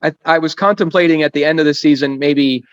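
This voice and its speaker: A man's voice: on the high side, fast, clean tone, dry recording, lo-fi sound. A man in his fifties, a guest racing driver on a casual podcast, telling stories in a rambling, self-deprecating way. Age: 50s.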